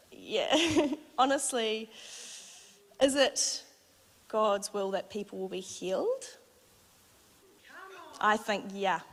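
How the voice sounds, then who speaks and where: A young woman preaching to a church congregation, her high, bright voice running through a chatty, animated testimony full of "like" and laughter. Her words ring with the long reverb of a large church auditorium. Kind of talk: testimony-style sermon.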